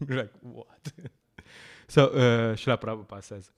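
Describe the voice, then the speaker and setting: A man leads a scripture class, telling stories with animated energy. He laughs often and searches for words with many fillers. His voice sits at an ordinary middle pitch. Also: takes it slowly. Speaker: lecturer at a temple program.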